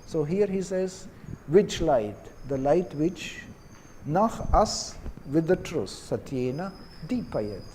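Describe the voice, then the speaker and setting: A man teaching Vedic chanting who explains gently and drops in many "you see" asides. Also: on the high side, lively intonation, slow pace, slight background noise.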